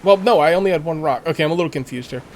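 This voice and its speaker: A man talking his way through a survival game, chatty and a little scattered, with jokey asides. His voice sits a bit higher than most men's, and a faint game ambience hums underneath. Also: very fast, a little hiss or hum. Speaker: let's play gamer. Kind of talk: casual gameplay commentary.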